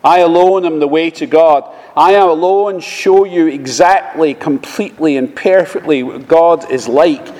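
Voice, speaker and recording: A man preaching a sermon, speaking slowly and measuredly, often quoting scripture. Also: on the high side, darkish tone. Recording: long reverb of a large hall.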